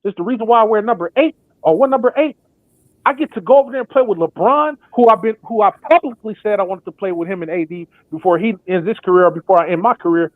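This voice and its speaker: A young man talking sports on a podcast, excited and casual, often acting out made-up quotes. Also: high voice, fast talker, no room sound. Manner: acts out imagined quotes in put-on voices. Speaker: podcast co-host. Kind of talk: animated sports talk. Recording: thin phone-like sound.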